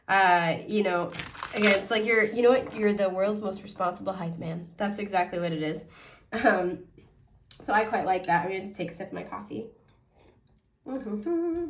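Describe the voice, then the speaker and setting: A woman's voice: mid-range voice, a little hiss or hum. A woman giving a casual tarot reading to her viewers. She is chatty and giggly and fills her talk with frequent ums and likes. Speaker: tarot reader.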